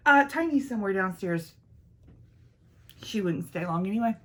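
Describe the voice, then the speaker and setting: A woman's voice: medium pitch, animated, normal speed, pauses often, a little hiss or hum. Chatty woman vlogging from her makeup room. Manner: rambling, friendly, talks straight to viewers. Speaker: beauty vlogger host. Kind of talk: casual chatty get-ready-with-me talk. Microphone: iPhone camera.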